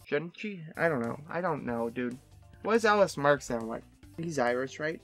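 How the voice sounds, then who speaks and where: A man's voice: mid-range voice, normal speed, over music. A man giving sarcastic, rambling comedic commentary on a webcomic, breaking into silly voices. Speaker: webcomic reviewer.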